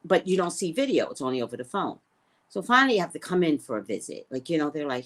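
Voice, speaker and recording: A woman who works as a psychic, telling a story in a casual, profane way and swinging between loud and hushed. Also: fairly low pitch, sing-song, quick pace, gravelly.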